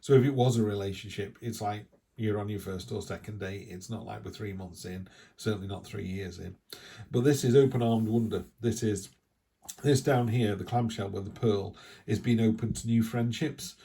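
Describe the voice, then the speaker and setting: A middle-aged man giving a casual tarot reading in a chatty, rambling way with animated asides. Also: fairly low pitch, moderate pace, creaky. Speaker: tarot reader.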